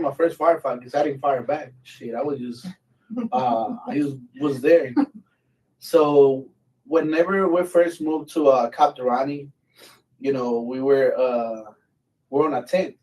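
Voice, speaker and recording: A man's voice: mid-range voice, a little mellow, distant mic, rough recording. A man, a veteran hosting his channel, telling a war story in a rambling, profane way full of fillers. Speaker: veteran host. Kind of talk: casual storytelling.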